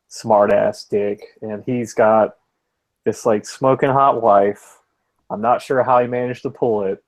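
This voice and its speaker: A young man in mid-range pitch tells a loose, meandering story on a casual podcast. He swears freely and leans on "like" as he goes. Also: a little mellow. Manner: rambling anecdotal storytelling, swears freely, frequent "like" fillers. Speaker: podcast co-host telling a story. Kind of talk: casual chat.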